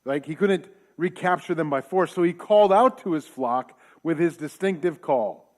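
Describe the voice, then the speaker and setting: Chatty pastor, fairly high voice. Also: male voice, normal speed, darkish tone. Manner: conversational, joking asides, rhetorical questions. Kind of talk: casual sermon. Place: church.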